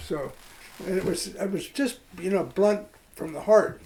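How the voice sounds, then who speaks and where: An older man telling reflective personal stories in a rambling, halting way, with many fillers and restarts. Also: high voice, mellow, rough recording. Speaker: interviewee. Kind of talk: reflective storytelling.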